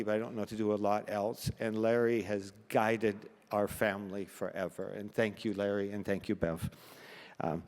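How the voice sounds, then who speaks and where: Older man, halting speech, hall reverb. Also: mid-range voice. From Canada. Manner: self-deprecating humor, halting restarts, fighting back tears. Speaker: award recipient giving acceptance speech. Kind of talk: emotional acceptance speech. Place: large banquet hall. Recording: long reverb of a large hall.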